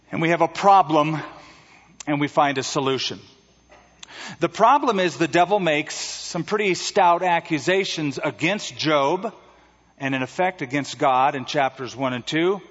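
Man, pastor, earnest measured preaching, higher voice, long church reverb, muffled recording. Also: a bit bright. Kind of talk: sermon. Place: church sanctuary.

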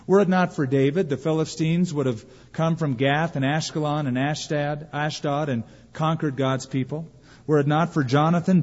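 A man's voice: a little high, a little mellow, husky, lo-fi sound. Preaching man in an echoey hall. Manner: emphatic, preacherly, with pauses and rhetorical questions. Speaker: pastor. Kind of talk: sermon.

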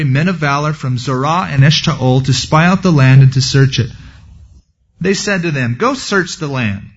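A man's voice: on the high side, a bit bright, husky. A man preaching a verse-by-verse sermon as a pastor, in a conversational way with folksy asides. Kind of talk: expository sermon. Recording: dull lo-fi recording.

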